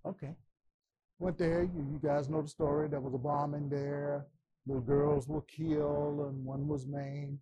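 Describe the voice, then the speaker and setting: A man teaching a Bible class, preaching with passion, stammering repetitions and bursts of shouting. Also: a little high, flat delivery, unhurried, slightly rough, lo-fi sound.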